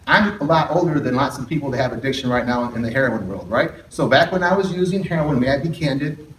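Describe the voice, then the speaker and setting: A man's voice: mid-range voice, animated, fast, a little hiss or hum. A middle-aged man, a therapist, giving a candid addiction recovery talk to an audience, often throwing questions at the room and adding sarcastic asides. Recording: roomy hall picked up from a distance.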